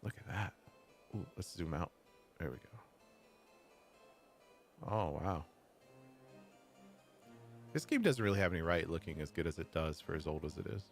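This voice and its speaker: Low-voiced man with chatty gaming asides. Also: expressive, moderate pace, pauses often. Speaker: streamer. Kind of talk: casual gameplay commentary. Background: game music.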